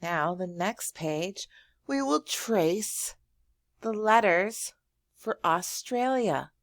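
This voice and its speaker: Slow, sing-song woman teacher. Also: medium pitch, animated, no echo. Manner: drawn-out words, frequent praise and thinking hums. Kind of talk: slow, encouraging lesson for young children.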